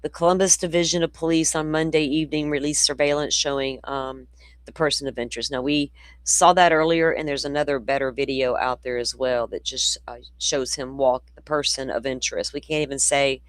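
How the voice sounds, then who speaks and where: Speaking fairly quickly in a steady-toned bass voice, a woman runs a true crime show recorded with no room sound. She reads from news reports, then interrupts herself to offer her viewers opinionated, casual remarks.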